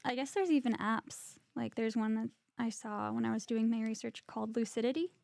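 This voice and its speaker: Woman cohost chatting away, gravelly fry in her voice, dry close sound. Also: fairly high pitch, steady tone, fairly quick, darkish tone, no echo. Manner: chatty, laughs often, reads chat comments aloud. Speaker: podcast co-host. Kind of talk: casual chat.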